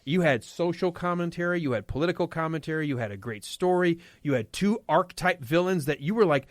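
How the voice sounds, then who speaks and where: Lively Midwestern man hosting radio. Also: on the high side, dry recording, clean studio sound. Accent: Midwestern American. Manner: animated, fast storytelling with quoted voices. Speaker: fill-in radio host. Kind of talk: casual talk radio chat. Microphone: studio microphone.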